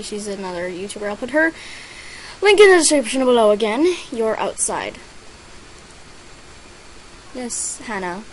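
A teenage girl casually narrating her gameplay at a middle pitch. She reads out player names and chat messages and bursts into excited squeals at gifts. A faint hiss sits under the recording. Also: rough recording. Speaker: gaming vlogger.

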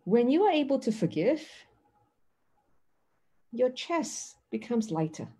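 Middle-aged woman teaching mindfulness, husky voice, pitch bouncing all over, earnest. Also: takes it slowly. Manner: earnest, acts out dialogues with lively emphasis. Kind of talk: teaching talk.

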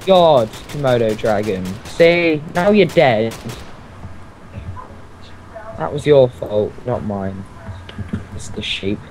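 A young man co-hosting a let's play, excitable and quick to swear. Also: mid-range voice. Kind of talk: casual gaming chat. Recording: slightly dull lo-fi mic with faint noise.

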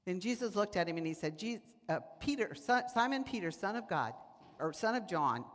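A woman's voice: on the low side, brisk, a little hiss or hum. A woman giving a sermon, telling stories and acting out the voices of people in them. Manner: animated, acts out voices in quotes. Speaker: preacher. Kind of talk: sermon with storytelling. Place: church sanctuary. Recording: church hall reverb.

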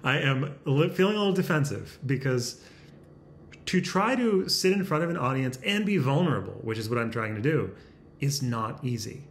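A man's voice: medium pitch, animated, moderate pace, a little hiss or hum. A man vlogging to camera at home, casual and self-conscious, joking and laughing often. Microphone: camera facing him.

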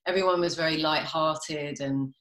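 British woman, thirties, low voice, chatty guest, echoey video call. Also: steady tone, normal speed, fairly bright tone. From England. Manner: chatty, self-deprecating, laughs often. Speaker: guest actress. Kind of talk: casual chat. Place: home during quarantine, video call.

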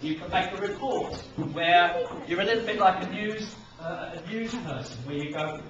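A man's voice: high-pitched, normal speed. Upbeat man teaching in an echoey hall. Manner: upbeat, encouraging, demonstrates with acted examples. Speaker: museum educator. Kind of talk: teaching young children. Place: large museum hall. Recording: echoey, distant, muffled, noisy.

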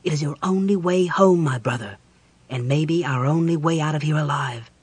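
A man's voice: on the high side, moderate pace, slightly rough, no echo. A man reading an audiobook voicing a cold black-robed male wizard who whispers urgent orders.

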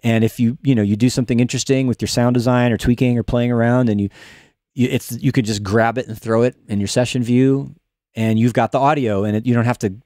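A man's voice: mid-range voice, fairly even intonation, fast, darkish tone, no echo, studio quality. Man casually talking through a production demo. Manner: thinks aloud with restarts and "right?" tags. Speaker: music production instructor and show host. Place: studio in New York.

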